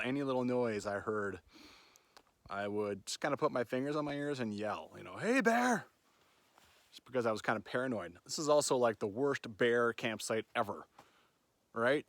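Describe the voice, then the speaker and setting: A man's voice: mid-range voice, normal speed, no echo. A man vlogging on his own while he backpacks a wilderness trail. He talks into a handheld phone in a chatty, rambling way and often ends with "right?". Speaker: solo backpacker filming his trip. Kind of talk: casual vlog narration while hiking. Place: outdoors on a backcountry trail.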